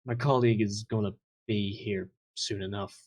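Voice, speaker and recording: A man's voice: fairly low pitch, steady tone, moderate pace, darkish tone, husky. A man plays a jumpy thug cornered in a back alley. He swears freely and dodges every question, talking in nervous bursts. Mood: evasive. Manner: jittery, swearing, evasive.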